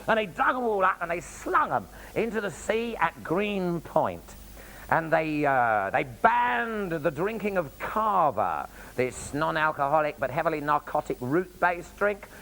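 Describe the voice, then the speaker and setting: A man telling a comic travel story as a raconteur, with cheeky asides and an animated, gravelly delivery. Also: fairly high pitch, rough recording.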